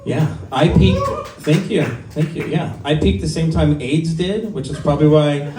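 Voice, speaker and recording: A man in his fifties at an open mic, telling crude, self-mocking stories and wandering from one aside to the next. His voice sits somewhat high for a man. It is caught from a distance in a roomy, echoing venue. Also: normal speed, mellow, a little hiss or hum. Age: 50s. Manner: self-deprecating, crude, rambling with many ums. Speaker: stand-up comic. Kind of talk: stand-up set at an open mic. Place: small comedy venue.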